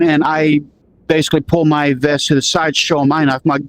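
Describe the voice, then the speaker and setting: Quick-paced and fairly high-pitched, a man recounts a story casually over poor audio. He acts out what everyone said, peppering it with "he goes" and "I'm like."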